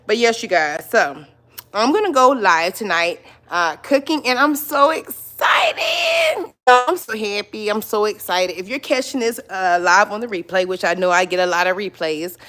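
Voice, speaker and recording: A chatty woman chats casually on her livestream in a slightly low voice. She loops back over the same phrases and keeps checking in with her viewers. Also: a bit bright. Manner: chatty, repeats phrases, addresses viewers as y'all and you guys. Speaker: lifestyle vlogger on a livestream. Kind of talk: casual live-stream chat.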